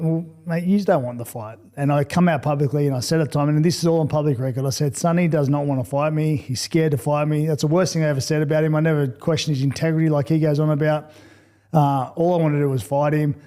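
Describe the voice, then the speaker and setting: A man in his forties with an Australian accent, a former footballer turned boxer, bluntly telling his story as a podcast guest. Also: on the high side. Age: 40s. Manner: blunt, animated, acts out past conversations.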